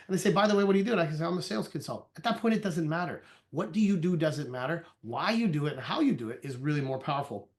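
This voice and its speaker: A man, a sales consultant, giving an energetic training talk, loosely conversational and acting out little dialogues as he goes. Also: a little high. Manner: acts out conversations in quoted voices; loose and conversational, many restarts.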